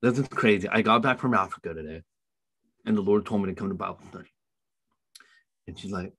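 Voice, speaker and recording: A man's voice: deep voice, a little fast, long pauses, husky. A man telling his personal testimony as a podcast guest, in a casual storytelling way, acting out the lines he quotes. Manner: storytelling, animated when quoting.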